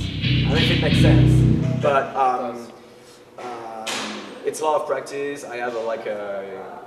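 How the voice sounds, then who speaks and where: A young man with a French accent, a band vocalist chatting in a casual interview, halting and full of fillers and restarts. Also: medium pitch, recorded from a distance. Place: concert venue backstage. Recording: echoey, off-mic, loud music behind.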